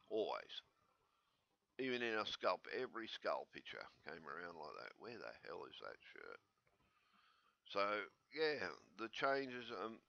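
A man without his teeth in, slightly slurred, rambling in an agitated, excitable casual vlog commentary on a dull lo-fi recording. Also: on the low side. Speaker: vlogger.

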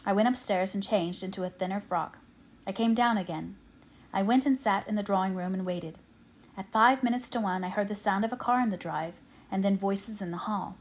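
A woman narrating an audiobook in a measured, quiet, steady way. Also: mid-range voice. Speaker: audiobook reader.

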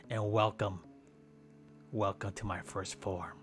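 A man's voice: fairly low pitch, fairly even intonation, slow pace, pauses often, soft background music. A man giving casual gameplay commentary with playful, goofy mock trash talk.

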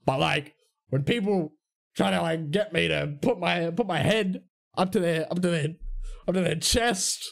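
A young man streamer telling a story in a casual, animated way, swearing and tossing in "right?" and "man". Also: sits high, a little slow, gravelly.

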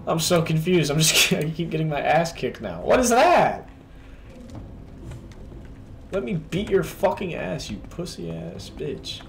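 A man's voice: a little high, lively intonation, normal speed, creaky, few pauses, a bit bright, a little hiss or hum. A man giving casual gameplay commentary, swearing in frustration and trash talking the game as he plays. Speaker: gamer playing a video game. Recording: game music under the voice. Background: game music and keyboard typing.

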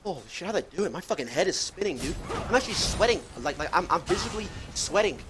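A man streaming live esports commentary on a tournament match, profane and excitable, yelling through the fights. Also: sits high, quick pace, noisy background. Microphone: headset. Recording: game music playing behind.

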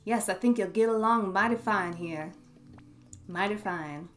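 A woman's voice: mid-range voice, measured pace, fairly bright tone, faint music behind, close to an everyday voice. A woman voicing a friendly older male shopkeeper in a game, with a drawling old-timer manner. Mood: folksy.

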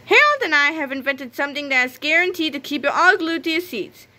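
Woman doing an excited high-pitched schoolboy. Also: a little fast, exaggerated voice. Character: excited mischievous young schoolboy.

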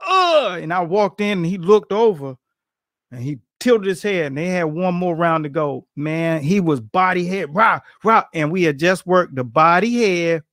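A middle-aged man tells boxing stories with lots of energy, acting out what people said. His voice sits high for a man. The sound is dry and close, with no room around it. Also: moderate pace, no room sound. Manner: animated, acts out quotes, laughs often. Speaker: boxing coach, guest. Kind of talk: storytelling in casual interview.

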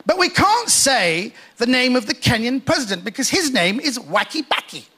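A man's voice: extremely high pitch, big pitch swings, moderate pace. A man from Iran doing a chatty, self-mocking stand-up routine with punchy delivery. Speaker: stand-up comedian. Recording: loud live crowd and noise on stage.

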